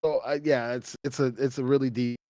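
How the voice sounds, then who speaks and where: A man talking on a podcast in a halting, serious way. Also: medium pitch, level tone, a little mellow, no echo. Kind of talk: casual chat.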